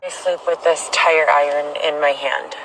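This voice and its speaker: A woman's voice: low-pitched, fairly even intonation, unhurried, noisy background. A woman vlogging in a rambling monologue, blunt and profane, piling up complaints.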